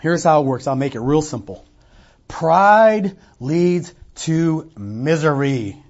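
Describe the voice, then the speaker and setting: Lively preaching man, muffled recording. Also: a little high, slow. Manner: conversational preaching with acted-out quotes. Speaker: pastor. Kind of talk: sermon. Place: church sanctuary.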